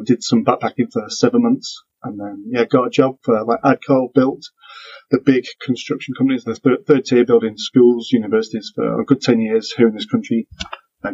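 Husky northern english guy on a podcast, laid back, kinda muffled audio. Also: medium pitch, moderate pace. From Manchester, northern England. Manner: relaxed, explains in strings of questions. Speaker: guest, property developer. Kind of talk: casual interview chat.

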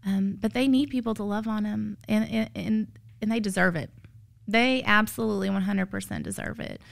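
A woman's voice: mid-range voice, fairly even intonation, moderate pace, vocal fry. A woman, a tired foster mother sharing her story as an earnest, emotional testimony of faith that rises to emphatic peaks. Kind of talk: heartfelt testimony.

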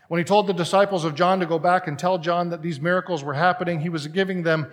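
A male pastor preaching with a slightly raised pitch, telling stories in a lively, conversational manner. His voice carries the long reverb of a large hall. He moves between scripture and everyday anecdotes. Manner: conversational, animated storytelling preacher. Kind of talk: sermon.

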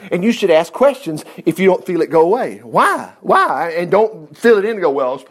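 A man leading an informal Bible study, reading scripture aloud and breaking off into folksy, animated asides. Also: high voice, normal speed, husky. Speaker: Bible teacher.

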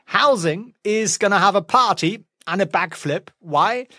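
A man's voice: high-pitched, animated, unhurried, pushed and bright, dry recording, studio quality. A man giving casual stock market commentary at home, chatty and wry with sarcastic asides. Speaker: finance vlogger. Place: home, with a pet nearby.

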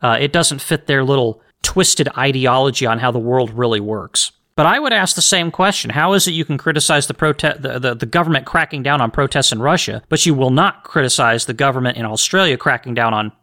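A man's voice: mid-range voice, a little fast, hardly any pauses, sharp tone. A man hosting a solo podcast, arguing his opinions with rhetorical questions and frequent restarts. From United States. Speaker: podcast host.

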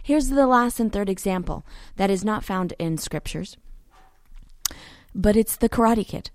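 A woman's voice: medium pitch, expressive, measured pace, a little mellow. A woman co-hosting a ministry talk, speaking casually and with energy, urging listeners on and repeating phrases for emphasis. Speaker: ministry co-host. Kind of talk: casual motivational faith talk.

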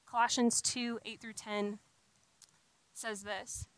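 A young woman delivers a sermon in an earnest, conversational way, often restarting phrases and slipping in casual fillers. Her voice sits a little high and sounds bright and forward. The recording is dry and close. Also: fairly even intonation, normal speed, no room sound, low-quality recording. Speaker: speaker giving a talk on faith and singleness.

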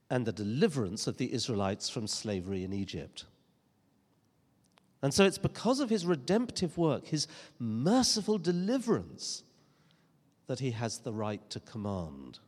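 Animated preacher in a reverberant church. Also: male voice, fairly high pitch. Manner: earnest, emphatic preaching with rhetorical questions and dry humor. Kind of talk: sermon.

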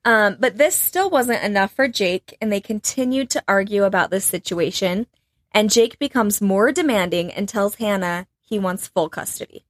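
A woman's voice: mid-range voice, moderate pace, no room sound. A woman telling a true-crime story to a co-host in loose, chatty podcast talk, full of "like" and half-finished phrases. Her voice sits mid-range and sounds dry and close to the mic, with no room around it. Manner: chatty, lots of "like" and trailing phrases.

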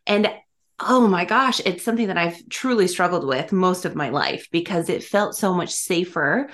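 A woman's voice: on the low side, normal speed, a bit bright. A woman being interviewed as a podcast guest. She talks in an effusive, casual way and laughs often.

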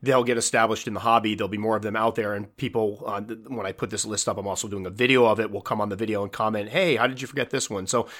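Fast-talking congested, nasal man. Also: fairly low pitch, flat delivery, a bit bright. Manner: chatty, self-deprecating, rambling with restarts. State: stuffy, congested nose from allergies. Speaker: podcast host. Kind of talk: casual podcast monologue.

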